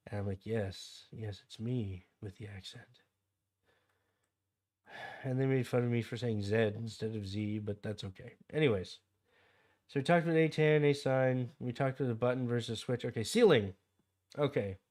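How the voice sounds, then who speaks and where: A man's voice: mid-range voice, brisk, darkish tone. A young adult man with a Canadian accent hosting a casual game livestream, rambling into side stories and answering chat. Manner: rambling, digresses into anecdotes, reads chat aloud. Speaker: livestream host.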